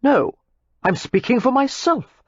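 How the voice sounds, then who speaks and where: An ardent young lord, dreamy and effusive, with a husky voice, as a woman narrator puts him on. His lines rise and fall with feeling. The sound is close, dry and slightly muffled, as on an audiobook. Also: sits high, lively intonation, unhurried, dry recording, voice pushed up, heavily acted. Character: smitten young English lord, earnest and ardent.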